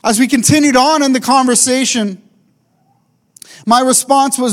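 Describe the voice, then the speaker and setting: High-voiced man preaching a sermon. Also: fairly bright tone. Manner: emphatic, slows down and repeats key phrases. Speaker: pastor.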